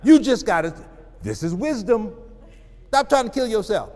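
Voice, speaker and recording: Guy preaching to parents, funny, big swoopy high voice, echoey hall. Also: normal speed. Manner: humorous, animated, call-and-response. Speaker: parenting speaker at a family expo. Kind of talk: preacher-like motivational talk. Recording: reverberant hall.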